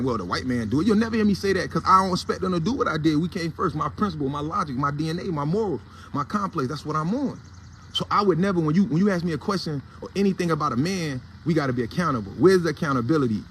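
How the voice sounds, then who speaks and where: Fast-talking man ranting in AAVE. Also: a little high, fairly bright tone, a little hiss or hum. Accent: African American Vernacular English. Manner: blunt, heated, profane and preachy. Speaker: host of a morning commentary show. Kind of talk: casual commentary rant.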